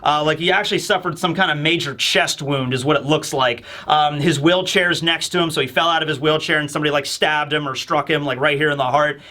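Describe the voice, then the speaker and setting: A man with a high, bright voice chatting through a manga chapter review. He rambles with lots of fillers and bursts of animation. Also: steady tone, a little fast, hardly any pauses. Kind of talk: casual commentary.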